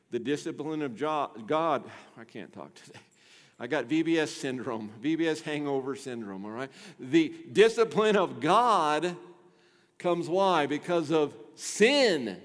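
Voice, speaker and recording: Male pastor preaching, fairly high voice, call and response with the crowd, goes quiet and low on key bits. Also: in a large hall. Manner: emphatic, call-and-response with the congregation; drops to a soft low voice on key phrases. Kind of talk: sermon. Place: church.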